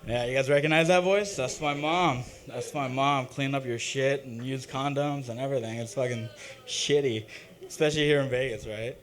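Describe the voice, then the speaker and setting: A young man performing a halting, self-deprecating open-mic stand-up set, full of ums and uhs. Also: medium pitch. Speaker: stand-up comic. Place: open-mic comedy stage.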